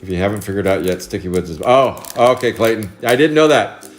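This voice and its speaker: Forties guy from oregon rambling on a live card stream, chuckles a lot, kinda low voice. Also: animated, brisk, a little hiss or hum. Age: 40s. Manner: rambling storyteller, chuckles often. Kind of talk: casual live stream chat.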